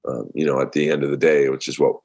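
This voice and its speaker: Male comic guest, deep voice, rambling and easygoing with lots of fillers. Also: quick pace, husky. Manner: relaxed storytelling with many fillers. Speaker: stand-up comedian guest. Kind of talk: casual interview talk.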